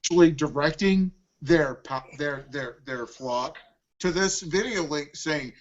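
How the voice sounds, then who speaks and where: A man's voice: a little high, unhurried. A man co-hosting a live stream, joking in a teasing, crude way. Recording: lo-fi online stream audio.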